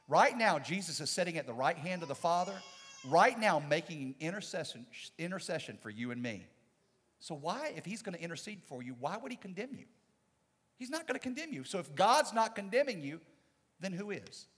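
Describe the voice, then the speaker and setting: Husky-voiced man preaching with lively swings. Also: fairly high pitch, normal speed, long reverb tail. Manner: dynamic preaching, swinging from loud to soft. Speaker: pastor. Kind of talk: sermon. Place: church sanctuary.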